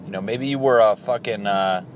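A man's voice: fairly low pitch, moderate pace. A comedian rambling through crude, profane jokes while driving, laughing at his own bits. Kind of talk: rambling comedy workshop monologue. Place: car, driving. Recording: car road noise behind.

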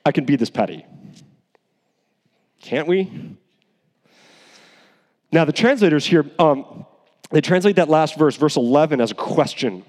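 A man preaching a sermon in an animated, conversational way, with asides and restarts. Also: fairly high pitch, unhurried, long pauses, long reverb tail. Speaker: pastor.

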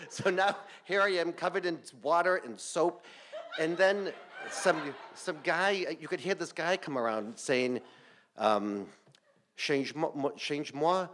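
A man telling a comic story on a theater stage to a live audience, salty and animated, laughing through his lines. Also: fairly high pitch, slight background noise.

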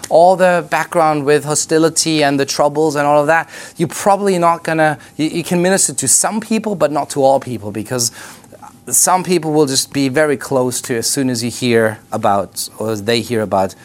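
A man teaching a ministry school class, telling lively outreach stories and acting out the voices of the people in them, with frequent restarts. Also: fairly high pitch. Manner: animated storyteller, acts out quoted voices, frequent restarts.

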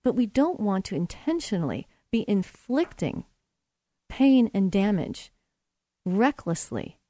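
A woman's voice: mid-range voice, very animated, a little slow, mellow, no room sound. A middle-aged woman hosting a talk show, telling a personal story and giving earnest relationship advice. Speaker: radio show host.

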